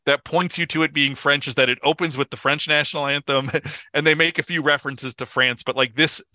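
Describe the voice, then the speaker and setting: A man co-hosting a podcast, discussing a film in an animated way, with chuckles and lots of filler words. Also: on the high side, a little fast, dry recording. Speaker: podcast co-host.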